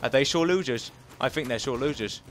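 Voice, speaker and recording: A young man giving playful, goofy gameplay commentary, swinging between loud outbursts and muttering asides. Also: medium pitch, brisk, a little hiss or hum. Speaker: gaming commentator.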